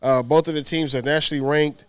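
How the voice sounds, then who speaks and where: A man's voice: on the high side, fairly even intonation, fast talker, clear, resonant tone, dry recording. Stuffy-nosed man chatting sports. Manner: laid-back, says "bro" often. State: stuffy, under the weather. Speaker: co-host. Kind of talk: casual sports chat.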